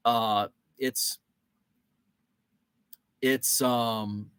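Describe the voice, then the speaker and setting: A man's voice: medium pitch, fairly even intonation, very slow, fairly bright tone, clean tone, no echo. A man in his forties hosting a casual rambling monologue, thinking aloud with fillers and restarts. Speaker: show host. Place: home basement.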